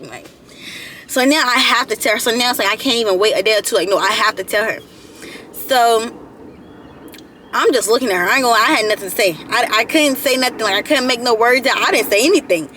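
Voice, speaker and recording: A teenage woman tells her story to camera in a loose, chatty storytime style. Her voice sits a little high and rings bright. She keeps circling back over the same point and talks to her viewers as y'all. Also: a little hiss or hum. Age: late teens. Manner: chatty, addresses viewers as y'all, repeats herself. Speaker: vlogger. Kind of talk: storytime vlog.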